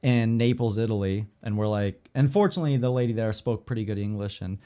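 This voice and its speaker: A man co-hosting a podcast, telling a story casually and acting out other people's lines in quick quoted voices. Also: on the low side, warm tone. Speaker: podcast co-host.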